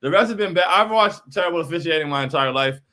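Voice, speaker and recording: A man's voice: on the high side, animated, quick pace, sharp tone. A young man hosting a postgame livestream, frustrated and repetitive, often saying bro while reacting to chat. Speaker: postgame show host.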